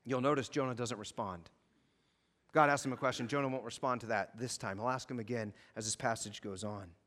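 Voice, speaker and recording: A man preaching an impassioned sermon as a pastor, swinging between loud emphasis and quiet, measured passages. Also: medium pitch, steady tone, long reverb tail.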